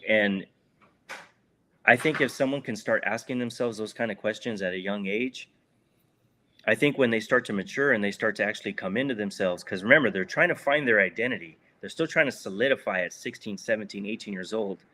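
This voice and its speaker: A man's voice: fairly low pitch, brisk, pushed and bright. A man giving a heartfelt, reflective answer as an interview guest, earnest and repeating words for emphasis. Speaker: guest, former prisoner.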